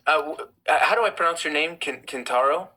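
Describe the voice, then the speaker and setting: A man's voice: fairly high pitch, a little fast, bright, forceful tone, breathy edge, low-quality recording. A man hosting a live stream, reading chat comments aloud and answering them bluntly. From United States. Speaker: livestream host.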